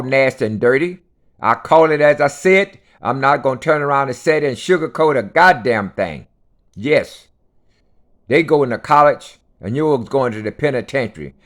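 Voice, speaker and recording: A man's voice: mid-range voice, a bit bright. A man delivering an unscripted rant, blunt and profane, lecturing his listeners and hammering each point home with repetition.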